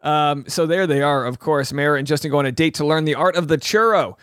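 A man in his thirties recaps a reality show with a loose, joking ramble, jumping into quick silly voices when he quotes people. His voice sits a bit high for a man. The sound is close and dry, with no room behind it. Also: fairly bright tone, clean tone, no echo.

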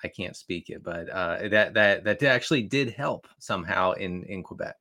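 A man joins a podcast as a fantasy football analyst, talking excitedly and jokingly with frequent stammered restarts. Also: low voice, normal speed. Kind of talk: casual chat.

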